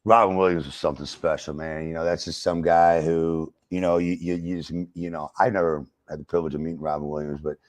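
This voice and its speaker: Deep-voiced, profane storytelling man. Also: level tone, a little fast, hardly any pauses, no echo. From United States. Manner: profane storyteller, lots of fillers. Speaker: wrestler and stand-up comic guest. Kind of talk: casual uncensored interview.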